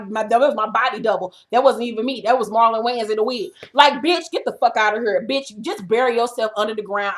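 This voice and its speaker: A woman with a slightly high voice delivers a comedic recap rant. She is brash and foul-mouthed, and she trash-talks with no filter. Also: a bit bright. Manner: brash, trash-talking, heavy cursing. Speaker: reality TV recap vlogger.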